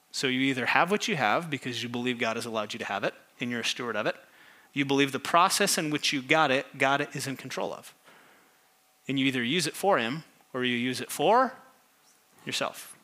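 A man preaching a sermon as pastor, asking the congregation questions and reading scripture slowly with emphasis. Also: medium pitch, animated, sharp tone. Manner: call-and-response questions to congregation.

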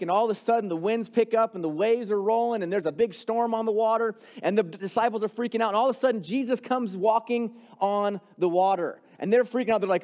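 A young adult man preaching a sermon, telling a story in a casual, animated way that builds in intensity. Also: high-pitched. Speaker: pastor.

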